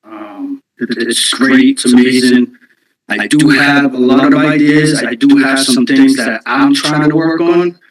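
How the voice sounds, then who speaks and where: A man talking casually into his phone on a live audio space, out of breath, halting, with many ums and restarts. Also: medium pitch, echoey room, poor audio. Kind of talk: casual call-in talk.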